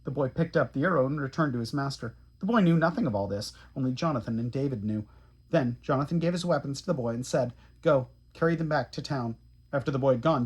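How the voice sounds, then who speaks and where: A man reading scripture aloud in a steady, earnest way. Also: mid-range voice, husky. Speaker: Bible reader.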